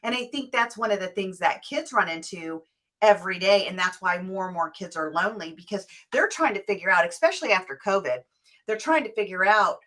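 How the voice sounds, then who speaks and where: A woman's voice: medium pitch, animated, a little fast, fairly bright tone. A middle-aged woman co-hosting a talk show in casual, conversational chat, often quoting remembered dialogue. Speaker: co-host.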